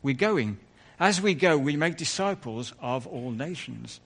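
A man's voice: a little high, animated, a little slow. A man preaching a conversational sermon in church, full of asides and self-corrections.

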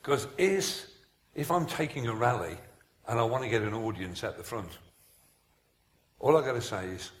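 A man's voice: medium pitch, moderate pace. A man preaching a humorous sermon in a large hall, telling stories with jokes and asides. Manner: animated storytelling, jokes and asides. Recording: echoey hall recording.

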